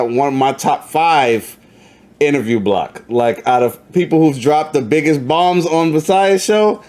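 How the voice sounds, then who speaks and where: A man hosting a casual interview, swearing freely and hyping up his guest while he reads chat comments out loud. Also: mid-range voice, normal speed. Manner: profane, hype, reads chat comments aloud. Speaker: podcast host. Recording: faint background noise.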